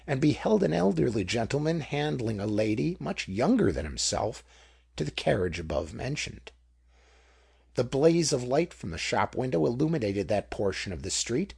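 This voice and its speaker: Gravelly, expressive male audiobook reader. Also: mid-range voice, no echo, studio quality. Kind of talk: scripted narration.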